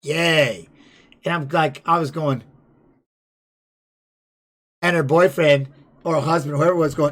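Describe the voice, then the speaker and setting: A man and former fighter chatting casually, telling rambling stories with animated bursts. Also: fairly high pitch, moderate pace. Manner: rambling, animated storytelling with laughs. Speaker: podcast host and former fighter. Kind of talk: casual chat and storytelling.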